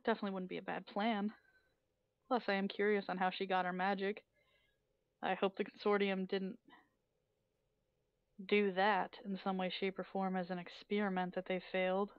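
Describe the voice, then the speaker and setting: A chatty woman talks through her character's plans at a tabletop game in a quick, laughing way. Her mic sounds slightly dull and lo-fi, with a dry, close sound. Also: medium pitch, level tone, clean tone, no room sound. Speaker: player. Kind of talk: casual in-character play.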